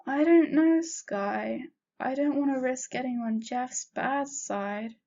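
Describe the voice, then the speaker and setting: A woman's voice: high-pitched, slow pace, mellow, voice pushed up, full character voice. Woman voicing a nervous hesitant teen girl, worried, lo-fi dull audio. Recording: dull lo-fi recording.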